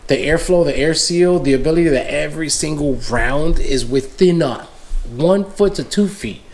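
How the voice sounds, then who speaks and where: A man's voice: a little high, normal speed, a little hiss or hum. A man from the United States, a podcast guest in casual chat, telling stories animatedly and acting out the voices of the people he quotes. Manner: animated storyteller who acts out quoted voices.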